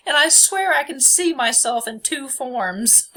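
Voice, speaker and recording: A woman's voice: on the high side, expressive, moderate pace, few pauses, pushed and bright. A young adult woman hosting a casual faith podcast, reading from her notes in a chatty way and laughing often. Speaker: podcast host.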